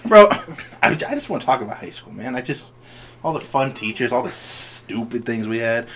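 Young man telling animated high school stories. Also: normal speed, slight background noise. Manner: animated storyteller, acts out quoted voices. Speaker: podcast co-host. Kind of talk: casual chat.

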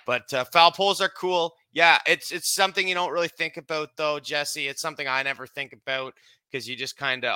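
Bright, smooth-voiced man chatting casually. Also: on the high side, fairly even intonation, fairly quick, no room sound. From Canada. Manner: rambling, self-interrupting, chummy. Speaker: podcast co-host. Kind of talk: casual sports podcast chat.

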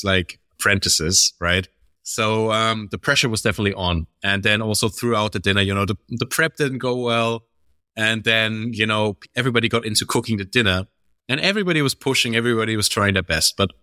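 Low bright-voiced podcast guy rambling a kitchen story, dry mic. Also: no room sound. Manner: rambling storyteller, mimics people in shouts. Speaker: podcast co-host. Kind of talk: casual chat.

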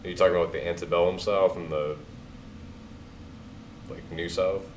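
A man's voice: low voice, steady tone, moderate pace, echoey room, background noise. A young man from the American Northeast co-hosting a podcast, talking in a blunt, teasing way. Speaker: podcast co-host. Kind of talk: casual chat.

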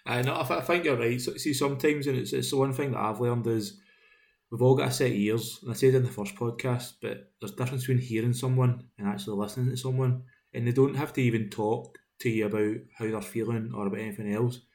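A man hosting a podcast, talking in a relaxed, jokey way with some swearing. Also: medium pitch, fast. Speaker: podcast host. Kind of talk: casual podcast chat.

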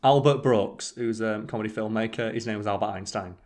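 A man's voice: on the low side, brisk, a little mellow. A man co-hosting a podcast, chatting casually, swearing freely and telling rambling stories. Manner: rambling storyteller, swears freely, mimics people in quotes. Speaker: podcast co-host. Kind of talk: casual chat.

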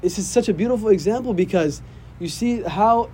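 A man's voice: high voice, fairly quick, mellow, slight background noise. A man, an imam, teaching a casual religious class, often checking in with "right?". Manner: conversational, often asks "right?".

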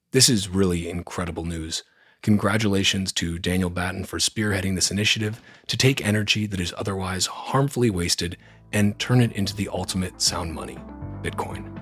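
A man's voice: low voice, breathy edge. A man hosting a news roundup podcast, reading from a script in a blunt, sarcastic, opinionated way. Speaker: podcast host.

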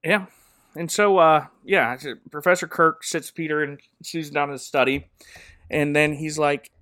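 A man's voice: fairly high pitch, steady tone, moderate pace, bright, forceful tone, no room sound, clean studio sound. A man recapping a movie in a sarcastic, rambling comedic style, laughing often.

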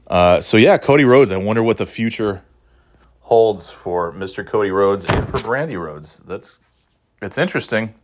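A man's voice: fairly low pitch, lively intonation, normal speed. A man hosting his own podcast who rambles casually, swears freely and laughs often as he talks. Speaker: podcast host. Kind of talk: casual solo chat.

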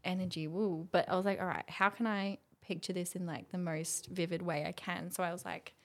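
A woman's voice: fairly low pitch, brisk. A woman in her twenties chatting casually as a podcast guest, telling a story with acted-out quotes and frequent laughter. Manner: animated storytelling, acts out quotes, laughs often. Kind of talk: casual chat.

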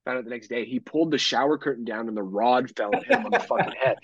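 Husky man telling a rambling story. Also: mid-range voice, big pitch swings, quick pace, no room sound, muffled recording. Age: 30s. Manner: rambling profane storytelling, many fillers. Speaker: podcast co-host. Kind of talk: casual chat.

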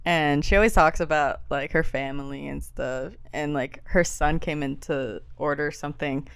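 A woman's voice: low voice, normal speed, smooth, dry recording. A young woman co-hosting a casual podcast, telling stories with giggles and acting out the voices of people she quotes. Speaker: podcast co-host. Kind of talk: casual chat.

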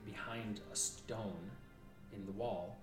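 A low-voiced man runs a tabletop game, rambling and restarting his phrases. He sounds off-mic in an echoey room. Music plays clearly underneath him. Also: steady tone, slow pace, recorded from a distance. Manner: rambling, self-interrupting. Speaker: game master.

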